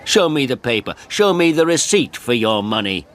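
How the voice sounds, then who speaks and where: A man reading a storybook and voicing a rude male photographer who whines and yelps in a high, strained voice. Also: sing-song, normal speed. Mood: demanding. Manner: shrill, yelping shouts.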